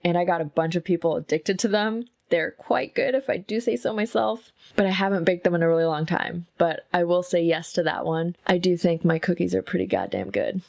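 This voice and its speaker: A woman's voice: fairly low pitch, expressive, brisk, gravelly, few pauses, darkish tone, dry recording. A young woman, a makeup artist, chatting candidly at home with a close mic, swearing freely. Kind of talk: casual chat. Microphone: close mic with soft, intimate pickup.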